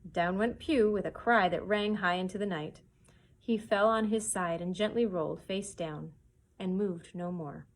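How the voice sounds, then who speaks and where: A woman, a children's librarian, reading a chapter book aloud for story time, pausing now and then to show pictures. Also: medium pitch, rough recording. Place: public library.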